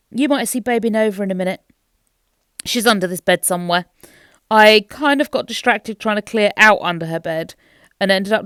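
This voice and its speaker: A woman's voice: fairly high pitch, fairly bright tone, clean tone, no room sound, clean studio sound. A woman, rambling candidly to camera at home as a home vlogger, musing aloud in a self-deprecating way. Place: home bedroom.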